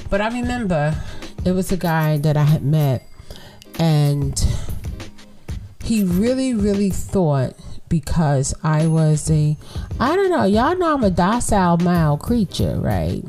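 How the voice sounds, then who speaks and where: A woman hosting a casual solo podcast, telling a story bluntly and with plenty of cursing, speaking straight to her listeners. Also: on the low side. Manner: blunt, profane, animated storytelling; talks straight to listeners as y'all. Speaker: podcast host.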